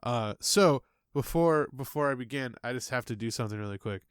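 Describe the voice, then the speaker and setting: A man's voice: mid-range voice, brisk, clear, resonant tone, no echo. Rambling male podcast co-host, dry sound. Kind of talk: casual chat.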